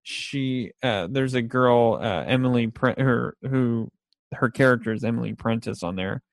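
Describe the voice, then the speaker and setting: A man's voice: mid-range voice, unhurried, vocal fry, no room sound. A young man chatting casually about favorite TV shows, rambling and laughing often as he acts out scenes.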